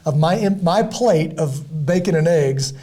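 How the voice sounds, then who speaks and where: Husky middle-aged guy on a podcast, kinda preachy, gets loud then goes low, clears his throat a lot, mellow dark tone. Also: animated, takes it slowly. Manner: emphatic, repetitive, builds to loud peaks then drops low. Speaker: podcast host and former Navy SEAL. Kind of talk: casual podcast talk, preachy and motivational.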